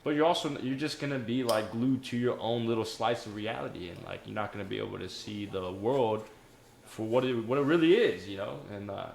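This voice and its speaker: A man's voice: fairly low pitch, fairly quick, vocal fry, a little mellow. A man hosting a podcast, talking in a laid-back, reflective, easygoing casual chat. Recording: roomy room.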